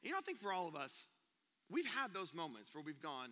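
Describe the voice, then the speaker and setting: A young man preaching, an animated storyteller who acts out gasps and sounds during a comic story, speaking in a church auditorium. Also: fairly high pitch, a little fast. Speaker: youth pastor. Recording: long reverb of a church hall.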